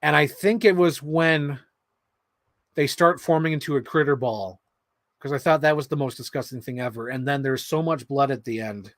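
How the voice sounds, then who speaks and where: A man chatting casually while building an action figure, rambling and excitable, swearing freely and acting out quotes. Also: medium pitch, moderate pace, no echo. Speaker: toy unboxing vlogger.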